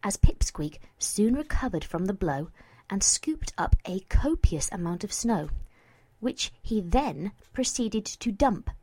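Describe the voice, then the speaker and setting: Woman storybook narrator: slow, expressive, sometimes whispered; dry close recording. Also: medium pitch, slightly rough, dry recording. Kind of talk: storybook reading.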